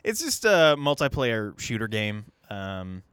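A man's voice: lowish voice, big pitch swings, a little slow, a bit bright, clear, resonant tone, dry recording. A man hosting a comedy podcast, rambling and joking with many hesitant fillers. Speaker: podcast host. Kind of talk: casual comedy podcast banter.

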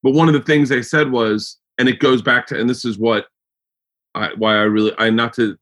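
A man's voice: mid-range voice, steady tone, a little fast, a bit bright, slight background noise. A man hosting a podcast in casual chat, rambling and swearing, with many restarts. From United States. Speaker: podcast host.

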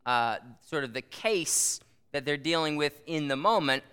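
A man delivers a sermon at a slow, easy pace, and his bright, smooth voice rings out in a hall with a long reverb. He talks conversationally, full of asides and rhetorical questions. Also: a little high, animated. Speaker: pastor.

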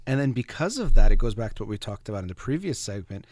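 A man's voice: on the low side, very animated, quick pace, darkish tone, no echo. A man, a therapist hosting a conversation, explaining ideas in an earnest, explanatory way. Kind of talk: casual conversation.

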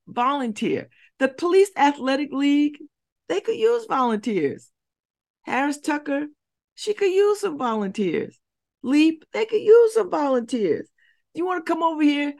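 A woman's voice: sits high, sing-song, unhurried, a little mellow. A woman hosting a community radio show, talking bluntly and preachily with rhetorical questions. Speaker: radio host. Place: radio studio.

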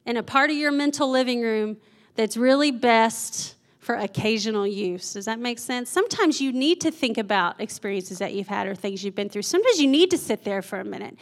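Woman giving a sermon, kinda high voice, chatty, laughs a lot and keeps asking the crowd stuff. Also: fairly bright tone. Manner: conversational, laughs often, asks the audience questions. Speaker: preacher.

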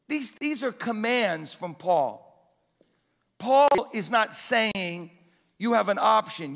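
A pastor preaching a sermon with emphatic, repeated exhortations in a church. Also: male voice, high-pitched, gravelly, a bit bright, big-room sound.

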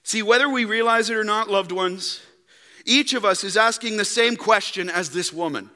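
Bright-voiced preacher in a reverberant church. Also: male voice, sits high, moderate pace. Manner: emphatic, with sudden drops to quiet rhetorical questions. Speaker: pastor. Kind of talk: sermon. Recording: long reverb in a church hall.

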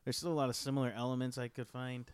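A man talking as a podcast guest in a casual film chat, relaxed and a little hesitant, with filler words. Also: mid-range voice, rapid-fire, clean tone, dry recording, studio quality.

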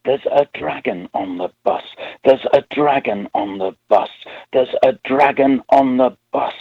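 A man performs a rhyming poem at an unhurried pace, keeping a steady, deliberate beat. The recording is dry and close, with a dull, lo-fi tone. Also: mid-range voice, creaky, no echo. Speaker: poet. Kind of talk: rhythmic performance poetry.

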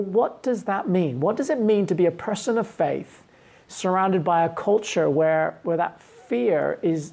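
Earnest woman pastor, husky and fairly low, preaching with frequent restarts. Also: mellow. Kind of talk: sermon.

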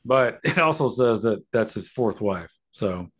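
A man's voice: on the low side, expressive, unhurried, husky. Laid-back man chatting on a podcast. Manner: laid-back, short reactions and jokes. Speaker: podcast co-host. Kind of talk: casual chat.

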